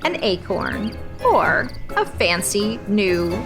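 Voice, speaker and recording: A woman hosting a podcast and reading a children's story aloud, gentle and clear. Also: mid-range voice, very animated, takes it slowly, over music.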